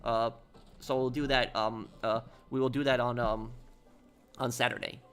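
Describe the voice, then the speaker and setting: A man's voice: mid-range voice, fairly even intonation, moderate pace, fairly bright tone, clean tone. A young man chatting casually with viewers during a game stream, rambling and restarting often. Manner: rambling, many fillers and restarts.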